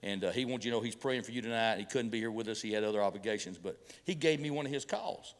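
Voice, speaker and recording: A middle-aged pastor spins folksy hunting stories into a sermon, stumbling and restarting as he goes. He mixes humor with preaching in a relaxed, homespun way. His voice rings through a large church hall with a long reverb tail. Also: fairly low pitch, quick pace.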